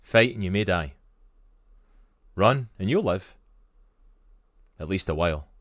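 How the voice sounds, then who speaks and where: A man with a Scottish accent reading a medieval rebel leader's battle speech aloud, loud, slow and declaiming. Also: deep voice, expressive, dry recording, studio quality. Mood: rousing.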